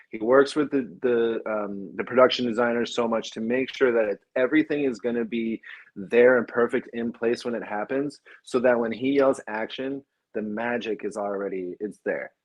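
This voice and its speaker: This is a man hosting a relaxed film chat, a middle-pitched voice that runs on eagerly. He stumbles and restarts his phrases as the ideas spill out. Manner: enthusiastic, rambling, restarts sentences. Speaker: podcast host. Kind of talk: casual film discussion.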